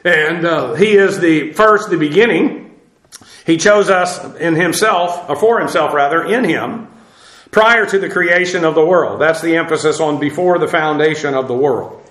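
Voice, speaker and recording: A man's voice: fairly high pitch, fairly bright tone. Man teaching scripture in an echoey room. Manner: measured, explanatory, frequent "uh" fillers. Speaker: Bible teacher. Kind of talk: sermon.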